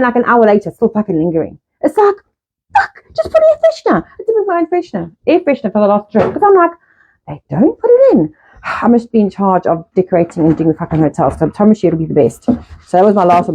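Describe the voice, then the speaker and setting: A middle-aged woman hosting a casual live stream, talking fast in a rambling way and swearing often. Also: medium pitch, animated, warm tone. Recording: dull lo-fi live-stream audio.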